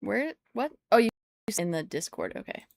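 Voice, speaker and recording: A woman's voice: mid-range voice, sing-song, moderate pace, gravelly, a little mellow, no room sound, clean studio sound. A young American woman livestreaming in casual chat, rambling and easily surprised, now and then swearing when startled. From United States. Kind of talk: casual live-stream chat.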